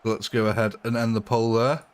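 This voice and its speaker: A man's voice: medium pitch, flat delivery, fairly quick, smooth. Chatty man live-streaming a game. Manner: chatty, thanks viewers, laughs often. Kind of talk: casual live-stream chat.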